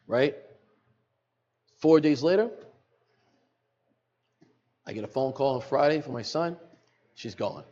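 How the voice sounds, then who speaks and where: A man's voice: mid-range voice, darkish tone, slightly rough, dull audio. A middle-aged man, a podcast guest, telling an emotional personal story in earnest, repeating phrases for emphasis, recorded in a studio.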